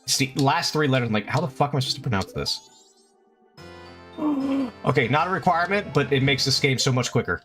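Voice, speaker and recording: A young man streams himself playing a video game, chatting casually and cursing freely as he talks to both his viewers and the game. His mid-range voice runs at a racing pace with a slightly bright edge, and faint game music plays in the background.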